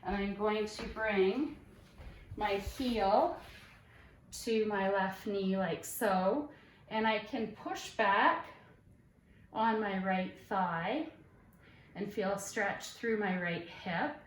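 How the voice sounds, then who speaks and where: Slow, calm woman guiding yoga. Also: mid-range voice, distant mic, a little hiss or hum. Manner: calm, encouraging step-by-step cues. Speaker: fitness instructor. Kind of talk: guided yoga class instruction. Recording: echoey room, voice off-mic.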